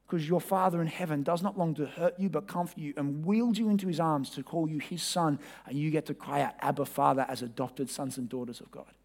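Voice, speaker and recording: A man with a high-pitched voice preaches a sermon from the pulpit. He talks conversationally and directly to his congregation, pressing hard on some points and dropping to a near hush on others. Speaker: pastor.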